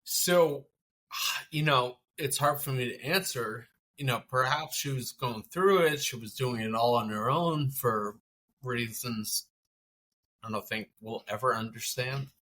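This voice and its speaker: A man, a podcast guest, telling a personal story in a halting, conversational way with many restarts and fillers. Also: medium pitch, sharp tone.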